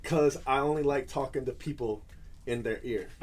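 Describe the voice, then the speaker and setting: A man's voice: medium pitch, normal speed, a little hiss or hum. A man hosting a card-break livestream, chatting casually in a teasing, rambling way.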